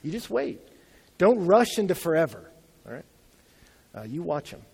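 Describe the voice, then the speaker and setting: A man's voice: fairly high pitch, sing-song, moderate pace, vocal fry, a little mellow, husky. A young adult man preaching a sermon as a pastor in a conversational, humorous storytelling way.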